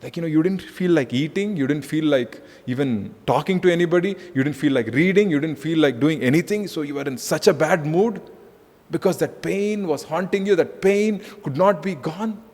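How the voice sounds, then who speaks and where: A man's voice: a little high, normal speed, a little mellow. A man preaching a conversational sermon as pastor, repeating phrases and saying "you know" often. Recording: echoey hall.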